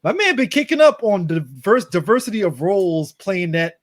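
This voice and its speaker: A man's voice: high voice, sing-song, normal speed. A man co-hosting a movie podcast, talking casually and riffing with profanity and laughs. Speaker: podcast co-host. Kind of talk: casual movie review chat.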